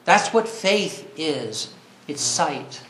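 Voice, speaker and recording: A man's voice: on the high side, sing-song, very slow, fairly bright tone, roomy sound, a little hiss or hum. A man preaching a sermon earnestly, reading scripture and rising to cries when he quotes.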